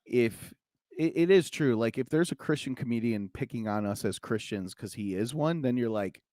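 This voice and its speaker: A man's voice: medium pitch, moderate pace, darkish tone, dry recording, clean studio sound. A man, a pastor, chatting casually and joking, telling a story with put-on voices. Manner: jokey, tells stories with put-on voices. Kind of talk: casual chat.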